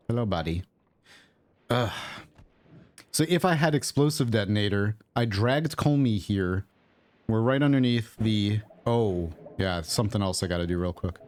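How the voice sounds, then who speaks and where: With a fairly low, slightly mellow voice, he keeps a measured pace and pauses often. It's casual gameplay commentary from a streamer at his own desk microphone, thinking aloud, muttering, and drifting into asides.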